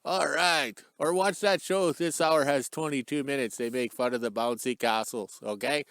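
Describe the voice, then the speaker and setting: A man's voice: mid-range voice, fairly even intonation, moderate pace, a bit bright, no room sound. A middle-aged man rambling off the cuff outdoors in a joking, chatty vlog intro, filming himself on a stick. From Canada. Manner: joking, chatty, wanders off topic. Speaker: vlogger, channel host. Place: outdoors in cold sun. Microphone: handheld camera on a stick.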